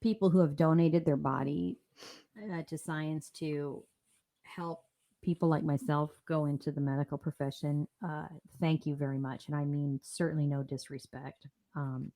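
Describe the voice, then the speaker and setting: A woman's voice: low-pitched, steady tone, normal speed, mellow. A woman in her fifties co-hosting a casual true-crime podcast, joking around between the facts. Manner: joking, slips into silly put-on voices. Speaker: podcast co-host.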